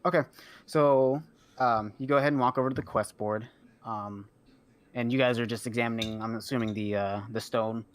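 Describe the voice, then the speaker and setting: A man running a tabletop game as game master. He describes the scene loosely, with frequent fillers and restarts. The voice is of ordinary middle pitch. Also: fairly even intonation, moderate pace. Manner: rambling, many ums and uhs.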